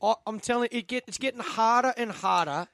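An Australian man co-hosting a radio sports show, ranting indignantly in loud, joking banter. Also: very high voice, fast talker, vocal fry, no echo. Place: radio studio. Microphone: studio microphone.

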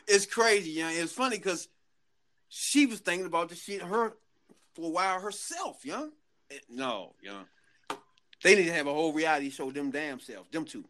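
A man telling a story in casual chat, animated and laughing, full of slang. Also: sits high, moderate pace, long pauses.

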